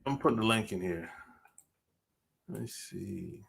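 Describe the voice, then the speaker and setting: A man's voice: lowish voice, expressive, a little slow, creaky, a bit bright, breathy edge. Laid-back slangy male podcast host. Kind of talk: casual livestream chat.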